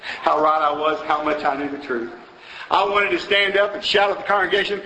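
A man preaching in a church auditorium, his bright, fairly high voice pressing the congregation with question after question. It rings out in a roomy hall with a long reverb, caught from a distance. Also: fairly quick. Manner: exhorting, rhetorical questions, rising to emphatic peaks. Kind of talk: sermon with invitation.

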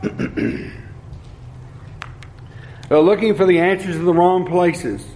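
A middle-aged man preaching a sermon, earnest, slowing down and repeating lines for emphasis. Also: sits high, dark tone, a little hiss or hum. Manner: earnest, slows down for emphasis, repeats key phrases.

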